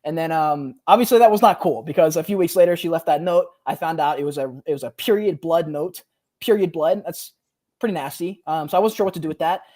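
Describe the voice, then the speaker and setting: A man in his twenties, co-hosting a podcast, telling a personal story in a casual, animated way, full of slang like "bro" and "like.". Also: fairly high pitch, fast. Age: 20s. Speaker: podcast co-host.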